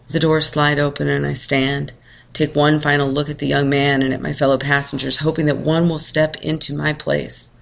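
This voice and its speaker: A man calmly reading a first-person short story aloud in a measured way. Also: fairly high pitch, creaky. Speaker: narrator.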